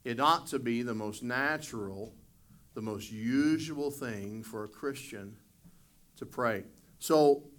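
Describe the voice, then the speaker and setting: A middle-aged man, a pastor, giving a Sunday school sermon and prayer, whose earnest preaching builds louder and higher as he makes his points.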